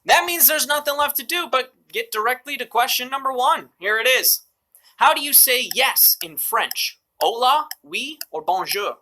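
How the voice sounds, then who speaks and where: A man's voice: extremely high pitch, animated, moderate pace, pushed and bright, a little hiss or hum. A man hosting a live mobile trivia game show, upbeat and joking with playful asides.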